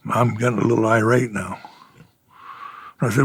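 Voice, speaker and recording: A man's voice: medium pitch, moderate pace, long pauses, breathy edge, no room sound. An older man, a retired fighter pilot, telling war stories in an oral history interview, chuckling and acting out the exchanges he quotes.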